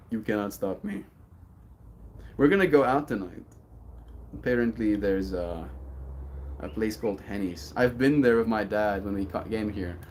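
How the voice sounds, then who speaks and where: A young man chatting casually on his daily livestream, musing and reading encouraging lines aloud slowly. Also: fairly low pitch, a little hiss or hum. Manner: relaxed, musing, reads affirmations aloud slowly. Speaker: daily streamer.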